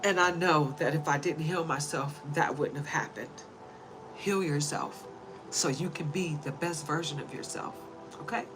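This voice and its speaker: A woman's voice: sits low, normal speed, low-quality recording. A woman giving spiritual readings, talking in a rambling, earnest way and often checking in with "you know?". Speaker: spiritual reader. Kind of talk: casual heartfelt monologue. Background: music.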